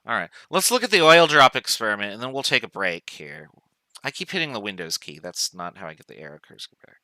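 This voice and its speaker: Bright, crisp-voiced male chemistry professor. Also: fairly low pitch, fast, no room sound, poor audio. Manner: relaxed, informal explaining with asides. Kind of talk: casual online lecture.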